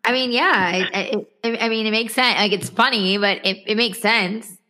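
A woman's voice: medium pitch, fairly even intonation, moderate pace, sharp tone, long reverb tail. A woman hosting a casual chat, giving short reactions and prompts.

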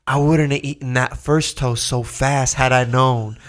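A young man telling a story in casual chat, excitable, swearing often and laughing as he talks. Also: medium pitch, measured pace.

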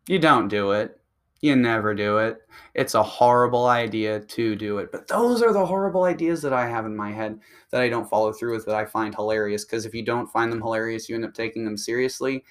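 A man's voice: fairly low pitch, brisk. A man delivering a profane, combative ranting monologue that speeds up when he gets heated. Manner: crude, combative, and provocative.

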